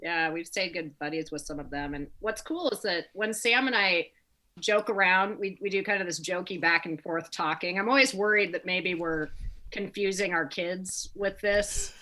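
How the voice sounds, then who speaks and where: A woman's voice: lowish voice, moderate pace, sharp tone, rough recording. A woman, an author moderating a conversation, talking casually in an effusive, giggly way.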